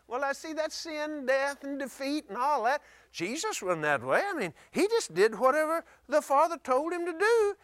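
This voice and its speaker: A male preacher giving a folksy sermon, chuckling often and rising into shouts. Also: extremely high pitch, big pitch swings, normal speed, few pauses, dry recording.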